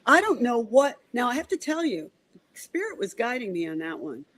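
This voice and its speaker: A woman medium, a guest on a podcast, telling a story in a casual, animated way, acting out the dialogue and often restarting her sentences. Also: fairly high pitch, moderate pace, low-quality recording.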